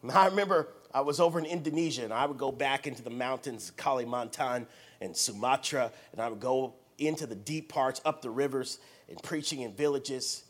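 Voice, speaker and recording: An American man preaching a sermon, telling a story in an animated, theatrical way and acting out the dialogue. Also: medium pitch, a little fast. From United States.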